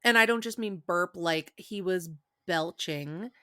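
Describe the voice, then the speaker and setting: A woman's voice: on the low side, unhurried, no room sound, clean studio sound. A woman podcast host telling a story in casual chat, acting out the people in it. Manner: animated storyteller acting out quotes.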